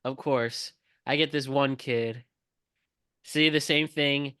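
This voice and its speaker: A man's voice: mid-range voice, steady tone, takes it slowly, pushed and bright, clean tone, dry recording, studio quality. A man co-hosting a podcast in casual chat, teasing and laughing often. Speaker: podcast co-host.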